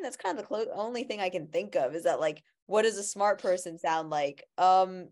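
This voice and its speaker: A woman's voice: lowish voice, moderate pace, few pauses, a little mellow. Chatty woman podcaster, restarts a lot. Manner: chatty, rambling with many restarts and fillers. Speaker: podcast co-host. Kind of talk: casual chat.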